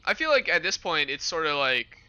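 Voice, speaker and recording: A young man hosting a livestream, chatting casually with his chat in a relaxed, rambling way. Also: on the high side, brisk, no echo, muffled recording. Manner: relaxed rambling with fillers and laughs. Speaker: livestream host. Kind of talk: casual stream chat with chat readers.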